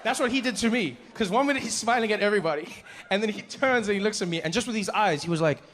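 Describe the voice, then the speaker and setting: A man doing stand-up, telling a story in an animated, self-mocking way with quick act-outs. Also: sits high, a little hiss or hum. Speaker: stand-up comedian. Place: live comedy venue. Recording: echoey live venue with faint ambience.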